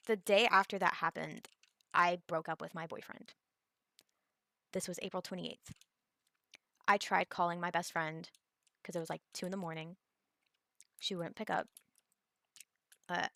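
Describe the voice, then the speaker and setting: Young woman, casual storytime vlog, rambling, fry in the voice, low-ish. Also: a bit bright, no room sound. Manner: rambling, many fillers and restarts. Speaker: vlogger.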